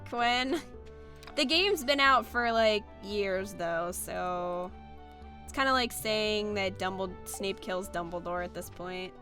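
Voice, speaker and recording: A young woman streams a game and chats casually, reading viewer comments aloud in a playful way full of filler words. Her voice is medium-pitched and slow with a sharp tone, and faint music plays behind her.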